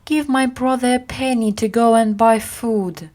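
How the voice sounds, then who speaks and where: A woman's voice: on the high side, fairly even intonation, a little slow, a little mellow, voice pushed up, close to an everyday voice. A woman reading aloud and voicing a sly, scheming young beggar boy in a storybook.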